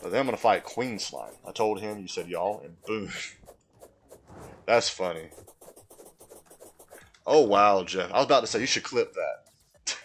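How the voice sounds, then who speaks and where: A man's voice: lowish voice, expressive, measured pace, long pauses, fairly bright tone, a little hiss or hum. A man with a mild Southern US accent, live-streaming a game in casual chat, reading and answering chat and easily amused.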